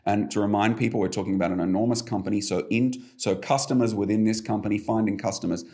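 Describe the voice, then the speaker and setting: A middle-aged man, a behavior coach talking as a podcast guest, who explains his ideas with animated, emphatic stories. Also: fairly low pitch, fast. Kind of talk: podcast conversation.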